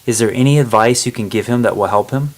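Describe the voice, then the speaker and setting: A man's voice: mid-range voice, fast talker, natural voice. A man voicing a polite grown woman companion who makes introductions, in a storybook reading.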